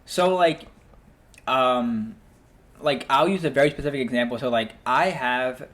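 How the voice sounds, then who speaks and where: A young man hosting a podcast, telling animated stories in casual chat, laughing often and using many fillers. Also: medium pitch, a little slow. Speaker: podcast host.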